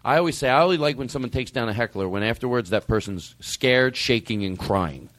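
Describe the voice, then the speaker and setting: A comedian hosting a podcast, telling stories in casual chat, profane and animated, acting out quotes. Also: male voice, medium pitch, brisk, no room sound.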